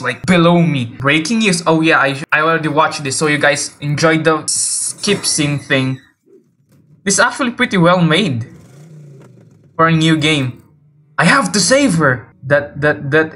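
Excitable high-voiced male gamer. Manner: excitable, jumpy, often yelps and laughs, teases other players. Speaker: video game player. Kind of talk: let's play gameplay commentary.

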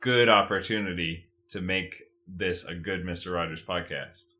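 A man's voice: low voice, moderate pace, sharp tone, highs cut off. A man co-hosting a podcast in casual chat, earnest and playfully exasperated. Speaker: podcast co-host.

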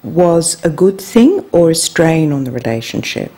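A woman interviewer asking brief, calm questions. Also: low-pitched, measured pace, breathy edge.

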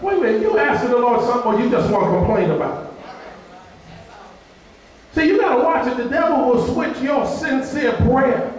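A male pastor preaching a sermon, mimicking complaining voices and answering his own questions. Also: extremely high pitch. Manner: preaching with call-and-response fillers and mimicked whining. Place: church sanctuary. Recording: echoey church hall from far off.

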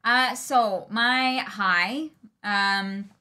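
A woman's voice: medium pitch, drawn-out words, bright, forceful tone, clean tone. A young woman co-hosting a podcast, chatting casually about a book series, with many ums and restarts. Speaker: podcast co-host. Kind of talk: casual book discussion chat.

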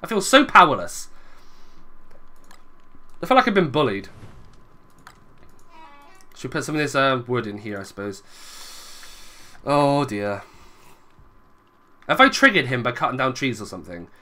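A young man narrates his own gameplay in a loose, chatty stream of commentary. His voice is bright and ringing, and his pitch rises and falls a lot. He keeps muttering small asides to the people watching. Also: very animated, moderate pace, long pauses. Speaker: gaming video creator. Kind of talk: let's play commentary.

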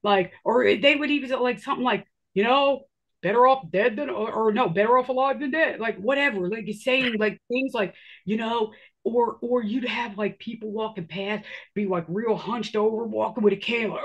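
A woman with a husky, slightly rough voice tells a personal story in a loose, rambling way. She leans on filler words and acts out what people said as she goes. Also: on the high side.

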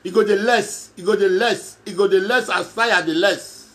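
A man with a Nigerian Pidgin accent from Edo State speaks straight to his followers in a high voice. He rambles and repeats phrases, often chuckling between lines. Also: normal speed, a bit bright. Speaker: self-styled prophet addressing followers. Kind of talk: direct-to-camera monologue.

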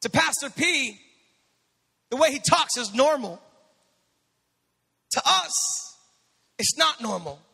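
In a church sanctuary, a male pastor preaches an impassioned sermon in a very high, gravelly voice, building to shouts and tossing quips to his congregation. He is animated but slow-paced, with long pauses, and his bright tone rings through the long-reverberating hall.

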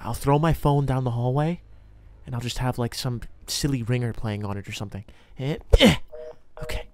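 A man narrating his own game roleplay in an excitable way, often yelping and panicking as things chase him. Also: mid-range voice. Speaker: gamer doing a roleplay. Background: game music.

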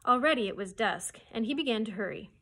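A woman children's librarian reading a chapter book aloud with expressive storytelling. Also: on the high side, quick pace.

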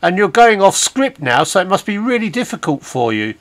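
A man's voice: high voice, sing-song, a little fast, fairly bright tone. A man on a phone call, dryly mocking and patiently needling a call center scammer. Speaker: scam-baiting caller. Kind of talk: phone prank call with voice-over intro.

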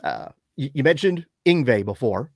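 A man hosting an interview, easygoing, with short backchannels and halting questions. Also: medium pitch, sing-song, creaky, darkish tone, no echo, clean studio sound. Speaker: host. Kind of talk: casual interview chat.

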